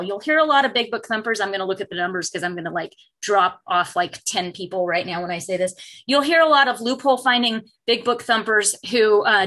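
A woman with a bright, slightly high voice leads a study group in a relaxed teaching talk. She speaks frankly and jokes often. Her speech is full of fillers and restarts. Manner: chatty, frank, joking, with many fillers and restarts. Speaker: recovery sponsor leading a study group.

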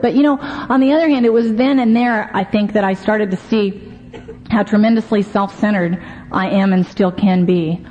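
A woman's voice: mid-range voice, warm tone. Candid woman telling a recovery story. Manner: candid, self-deprecating, frequent "you know". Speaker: AA speaker sharing her story. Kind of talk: storytelling share at a recovery meeting. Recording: muffled, lo-fi recording with faint hiss.

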